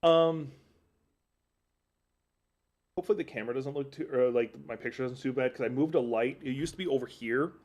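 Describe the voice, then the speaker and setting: A man's voice: medium pitch, a little fast, pauses often, darkish tone, dull audio. Rambling, joking man on a livestream. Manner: rambling and self-deprecating; jokey asides. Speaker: streamer. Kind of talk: casual livestream chat. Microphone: desk mic at computer setup.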